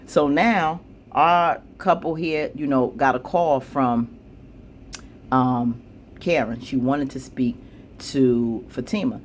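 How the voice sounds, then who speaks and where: A woman casually recapping a TV episode, chatty, with plenty of asides, acting out the characters' lines with jumps in pitch. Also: steady tone, slow pace, slight background noise. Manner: chatty, frequent fillers and asides. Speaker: TV show recap vlogger.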